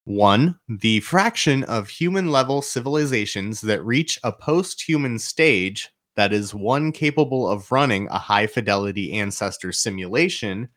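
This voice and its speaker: A young man hosting a relaxed podcast. He talks through an idea he is reading up on, loose and chatty, with swearing and quick laughs along the way. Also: fairly low pitch. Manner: explains from notes, swears and laughs freely. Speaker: podcast host. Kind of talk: casual podcast chat.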